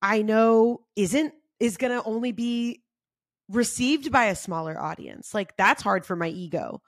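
A woman's voice: on the high side, a little slow, dry recording. Candid chatty woman, dry close sound. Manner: chatty, candid, swears casually, lots of "like". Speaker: podcast host. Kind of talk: casual solo podcast talk.

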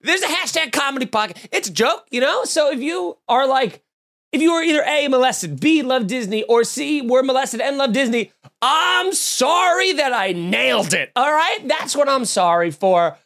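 A man's voice: very high-pitched, big pitch swings, moderate pace, creaky, a bit bright. A man hosting a comedic podcast, telling rambling, self-mocking stories in casual chat. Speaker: podcast host.

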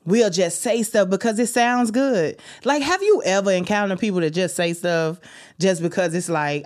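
A young adult woman hosting a faith-centered self-care podcast at a mid-range pitch, talking like a big sister who preaches encouragement. She swoops up into high, excited bursts when she gets emotional. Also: normal speed. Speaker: podcast host.

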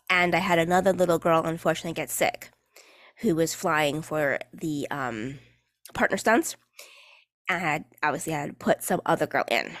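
A woman's voice: deep voice, a bit bright, no echo, studio quality. Sarcastic chatty New woman. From New York. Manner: sarcastic, chatty, swears casually, many fillers. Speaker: podcast host and cheerleading coach. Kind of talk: casual solo podcast chat.

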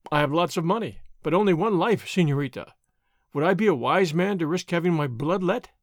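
A man's voice: a little high, lively intonation, brisk, no echo, clean studio sound, lightly acted. A man reading aloud as a languid, mocking young Spanish nobleman, in an old adventure storybook, with a drawling, idle delivery.

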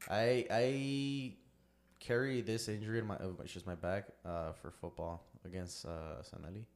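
A man's voice: on the low side, fairly even intonation, normal speed, a little mellow. A young man co-hosting a podcast in casual chat, blunt and teasing and swearing freely. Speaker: podcast co-host.

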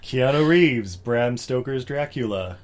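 A man's voice: medium pitch, animated, unhurried. A man co-hosting a podcast, casually presenting mock movie awards and laughing often. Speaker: podcast co-host.

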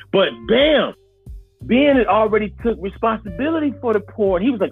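Animated husky-voiced man on a lo-fi line. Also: high-pitched, a little fast, soft background music. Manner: animated, laughs often, acts out characters. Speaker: podcast co-host. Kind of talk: casual show recap chat.

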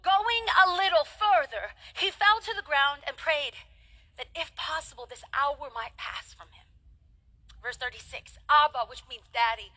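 A woman preacher delivering a sermon with animated, humorous storytelling and dramatic pauses. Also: sits high.

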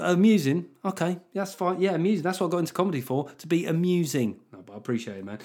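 A man's voice: fairly high pitch, expressive, fast, hardly any pauses, darkish tone. Wry, self-mocking male comedian. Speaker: comedian and podcast host. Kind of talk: casual comedic chat.

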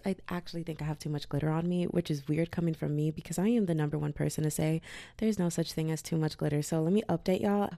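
Young woman, podcast host; slangy casual chat, lowish pitch, close dry sound. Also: creaky, dark tone, no room sound. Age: young adult. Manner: chatty and slangy, with lots of "like".

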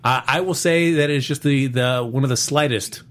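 A man's voice: mid-range voice, moderate pace, fairly bright tone. A man hosting a casual live-streamed movie podcast, chatty, with many fillers and restarts. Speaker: podcast host.

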